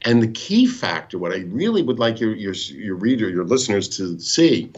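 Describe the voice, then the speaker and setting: A man guiding listeners through charts on a live show, patient and teacherly. His voice is slightly husky and moves up and down a lot. The call audio sounds dull and lo-fi. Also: lowish voice, sing-song, normal speed. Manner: patient, teacherly, explains step by step. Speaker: guest bond market expert. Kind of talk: explaining charts in a live talk.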